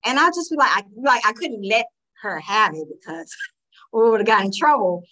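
A woman's voice: fairly high pitch, a little fast, poor audio. Lady on a podcast, chatty, does little voices for customers. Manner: animated storytelling, acting out customers' lines. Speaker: panel guest. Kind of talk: casual podcast discussion.

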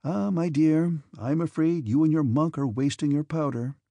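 Wry bantering prince read by a man, gravelly low voice, teasing tone, dry close sound. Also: expressive, moderate pace, dark tone, no room sound. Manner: light, teasing. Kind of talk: audiobook character reading.

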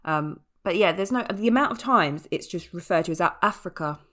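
A woman's voice: lowish voice, lively intonation, a little fast, bright, forceful tone. A woman speaking in an articulate, thoughtful, critical way as a podcast co-host in a casual film-review chat.

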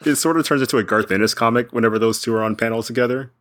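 A man co-hosting a podcast, giving thoughtful, measured analysis in casual chat. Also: medium pitch, fairly bright tone. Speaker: podcast co-host. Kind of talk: casual chat about comics.

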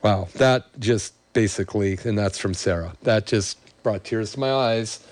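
A man's voice: on the low side, a little slow. Emotional man reading a testimonial. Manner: emotional, choking up while reading; enthusiastic, promoting his practice. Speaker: chiropractor. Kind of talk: reading a patient testimonial aloud and chatting.

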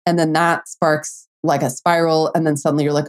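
A woman's voice: deep voice, fairly even intonation, fairly quick, hardly any pauses. A young adult woman hosting a solo coaching podcast, talking casually with lots of "like" and the odd swear word. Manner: casual, chatty, lots of "like", mild swearing, playful quoted inner voices. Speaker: dating and manifestation coach, podcast host.

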